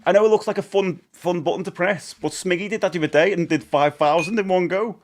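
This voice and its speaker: A man's voice: high voice, quick pace. A middle-aged man chatting casually on a live stream, rambling and often laughing.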